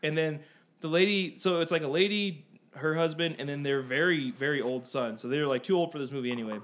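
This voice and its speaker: A man chatting casually with friends, telling animated stories full of likes and swearing. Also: on the high side, a little fast. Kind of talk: casual chat.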